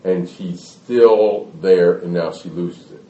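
A man's voice: low-pitched, slow pace, warm tone, highs cut off. A man giving a talk to an audience on parenting in a folksy way, acting out little scenes to explain his points. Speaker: speaker on parenting. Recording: echoey hall, mic at a distance.

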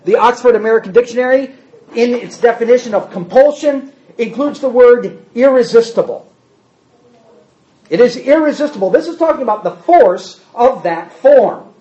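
A man's voice: extremely high pitch, expressive, normal speed, warm tone, muffled recording. A man teaching a Bible class, explaining carefully, repeating key points and adding wry asides.

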